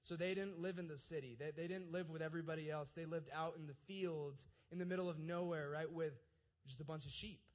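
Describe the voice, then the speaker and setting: This is a young man with a slightly high voice who gives a relaxed, chatty sermon as a youth pastor. He reads scripture aloud, then talks it through in plain, everyday words. He keeps tossing quick "right?" questions to his listeners. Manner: conversational, keeps asking "right?" to the audience. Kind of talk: casual sermon with scripture reading.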